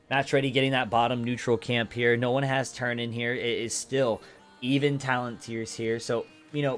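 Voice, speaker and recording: This esports caster and streamer has a mid-range voice that cracks upward whenever the action gets exciting. He's calling a video game live with lots of energy and talking with his viewers.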